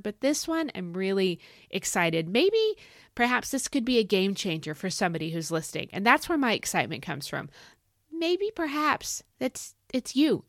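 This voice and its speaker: A middle-aged woman hosts a Bible teaching podcast, animated and excitable, folksy in her talk. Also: mid-range voice, no room sound, studio quality. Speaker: podcast host.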